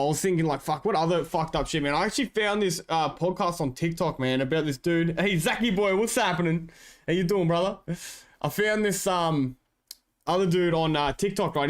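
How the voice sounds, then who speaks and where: Aussie streamer bloke, rambly and sweary, voice a bit on the high side. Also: male voice, normal speed. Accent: Australian. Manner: rambling, heavy swearing, slangy. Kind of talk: casual chat with viewers.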